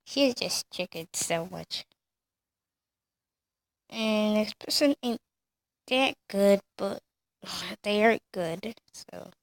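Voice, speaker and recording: A woman's voice: mid-range voice, very slow, gravelly, pauses often, dry recording, rough recording. A woman ranting casually in a reaction video, mocking and giggly, rambling with many fillers. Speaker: video creator.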